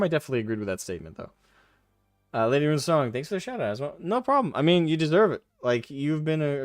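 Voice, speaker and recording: A man's voice: fairly low pitch, clean tone, no echo, clean studio sound. Laughing young man reading chat. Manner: laughs often, self-deprecating, swears casually. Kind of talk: casual live-stream chat.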